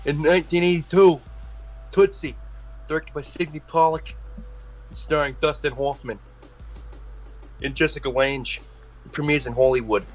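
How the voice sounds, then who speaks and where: A man's voice: fairly high pitch, steady tone, measured pace, long pauses, faint music behind, low-quality recording. A man co-hosting a casual history show, reading out sports results and dates in a laid-back way. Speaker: co-host reading history facts. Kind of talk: casual chat.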